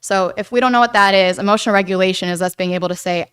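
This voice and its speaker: A woman giving a casual, chatty lecture to a church group, animated and often checking in with "right?". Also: mid-range voice, fast, hardly any pauses, clear, resonant tone. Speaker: guest speaker on attachment theory.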